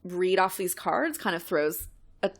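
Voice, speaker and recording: A young woman from Kentucky co-hosts a casual podcast. She talks in a loose, filler-heavy way and breaks into laughter easily. Her voice is lively and swings widely in pitch. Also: measured pace. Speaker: podcast co-host.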